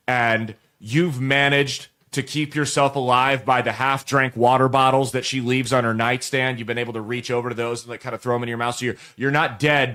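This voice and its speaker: A man's voice: medium pitch, bright, forceful tone. A man in his late twenties hosting a show, telling a crude, rambling comic story straight to viewers with plenty of restarts. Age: late 20s. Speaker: show host. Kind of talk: comedic monologue to viewers.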